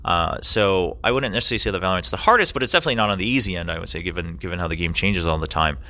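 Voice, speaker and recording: A man's voice: low-pitched, rapid-fire, bright, forceful tone. A young man, an esports caster, answering interview questions thoughtfully with many fillers and restarts.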